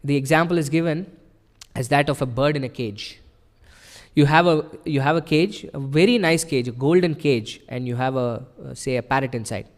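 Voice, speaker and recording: A man's voice: medium pitch, moderate pace, big-room sound. A man giving an earnest devotional sermon at a temple, explaining patiently and often checking in with his listeners. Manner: earnest, explanatory, with frequent rhetorical "right?". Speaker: temple speaker. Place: temple hall.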